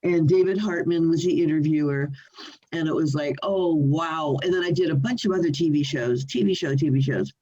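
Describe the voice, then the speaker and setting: An older woman, a singer and interview guest, telling animated stories from her home over a video call, laughing often and restarting her sentences. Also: deep voice, normal speed, husky, lo-fi sound. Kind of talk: storytelling in a remote interview.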